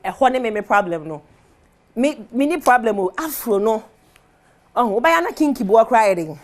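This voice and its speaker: A woman's voice: fairly high pitch, expressive, normal speed. A woman with a Ghanaian accent hosting a TV entertainment segment, chatting animatedly and laughing as she switches languages. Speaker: TV show host. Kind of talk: casual entertainment commentary. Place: TV studio.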